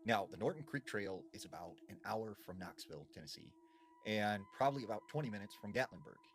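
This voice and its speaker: A man in a relaxed, explanatory way introducing a spooky place. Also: lowish voice, fairly quick. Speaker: storyteller. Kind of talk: casual spooky storytelling.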